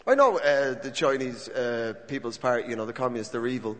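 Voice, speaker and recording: A man's voice: medium pitch, fairly quick, few pauses. A man doing stand-up comedy on stage, musing with rhetorical questions. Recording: long hall reverb, faint noise.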